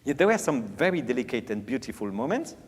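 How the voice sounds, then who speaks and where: His voice is husky and medium in pitch, and he talks quickly. He's a piano master class teacher who sings phrases aloud and jokes around, full of animation and playfulness. The recording carries the reverb of a large hall plus a faint piano.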